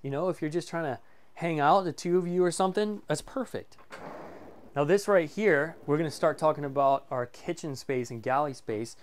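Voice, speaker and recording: A man's voice: on the high side, moderate pace. A man casually presenting a walkthrough of a motorhome for sale, enthusiastic and full of fillers like "um" and "like". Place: inside a motorhome.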